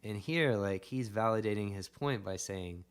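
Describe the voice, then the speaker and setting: Low-voiced man telling an animated story. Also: normal speed, clear, resonant tone. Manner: animated, rambling, with emphatic bursts. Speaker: podcast guest. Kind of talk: casual podcast storytelling.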